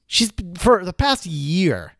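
A man's voice: sits high, wildly swooping pitch, takes it slowly, vocal fry, a bit bright, no room sound, studio quality. A man talking casually through a film scene, rambling with many fillers and restarts. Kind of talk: casual movie commentary chat.

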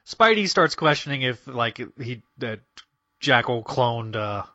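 A man's voice: medium pitch, animated, bright, forceful tone, no room sound. A man co-hosting a podcast, recapping a story in a loose, casual way with many fillers. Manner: quick, loose retelling with filler and acted quotes. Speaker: podcast co-host. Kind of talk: casual comic-book recap. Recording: dull, slightly lo-fi sound.

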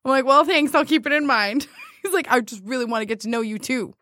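A woman's voice: sits high, fast, dry recording, clean studio sound. A woman hosting a casual chat, reading out dating-app messages with lots of giggling. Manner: giggly, animated storytelling. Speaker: podcast host.

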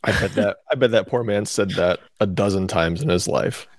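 A man's voice: on the low side, normal speed, no room sound. A man co-hosting a talk show, making dry quips and hesitating over his words. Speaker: podcast co-host. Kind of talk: casual chat.

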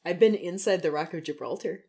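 A woman co-hosting a podcast who drops in wry, unhurried remarks. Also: on the low side, very noisy. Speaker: podcast co-host. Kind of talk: casual chat.

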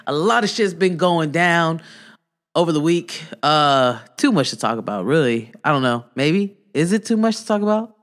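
A man's voice: a little high, expressive, normal speed, fairly bright tone. A man hosting a podcast in casual chat, rambling and joking, fumbling for words. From Iran. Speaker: podcast host.

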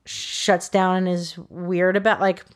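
A woman co-hosting a podcast, telling a true crime case in a chatty, animated way with quoted voices and quick self-corrections. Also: lowish voice. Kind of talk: casual storytelling chat.

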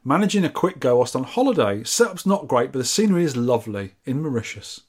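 A man's voice: medium pitch, sing-song, quick pace, a little mellow, slightly rough. A man co-hosting a podcast, reading out listener scores and comments in a jokey, bantering way. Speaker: podcast co-host.

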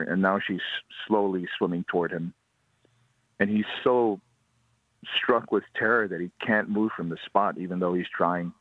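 Brief: storyteller, lower voice, steady pace, tinny dry phone line. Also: male voice, no echo. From Hawaii. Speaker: ghost tour guide, guest. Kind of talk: ghost story telling on radio.

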